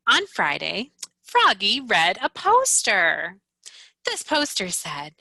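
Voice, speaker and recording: A woman librarian reads a picture book aloud to children, gasping and asking them questions. Her voice is bright and swoops widely, and her pace is slow and clear. The sound is dry and close. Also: fairly low pitch, dry recording. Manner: animated, with gasps and questions to children. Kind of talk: children's storytime read-aloud.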